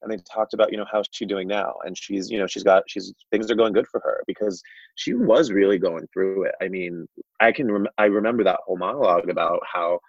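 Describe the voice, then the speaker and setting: A man's voice: low voice, fairly quick, no echo, muffled recording. A man hosting casual chat, rambling with lots of fillers and frequent laughs.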